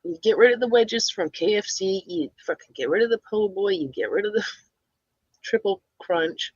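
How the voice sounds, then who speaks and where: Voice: medium pitch, moderate pace, husky, no echo, lo-fi sound. A streamer giving casual, rambling reaction commentary, blunt and swearing often.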